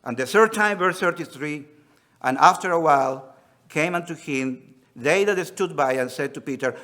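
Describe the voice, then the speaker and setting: Man, Spanish and Australian accent, higher voice, earnest sermon, reads scripture aloud. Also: expressive, unhurried, bright, forceful tone. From Spanish-speaking country. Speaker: preacher.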